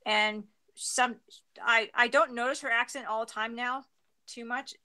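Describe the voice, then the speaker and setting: A woman's voice: on the high side, steady tone, a little slow, sharp tone. A Canadian woman co-hosting a craft livestream, chatting casually and hesitantly with lots of fillers. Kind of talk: casual chat while crafting.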